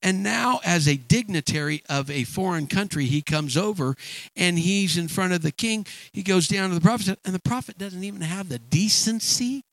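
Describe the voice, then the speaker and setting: A man preaching a sermon in a halting, emphatic way, often repeating words. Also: sits high, vocal fry, a bit bright, no echo, rough recording.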